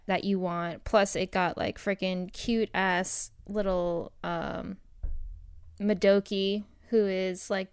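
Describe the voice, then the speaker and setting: Woman podcast cohost, slow and hesitant with lots of ums, clean dry mic. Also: medium pitch, fairly bright tone, smooth, dry recording. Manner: hesitant, many ums and likes. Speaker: podcast co-host. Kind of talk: casual podcast chat.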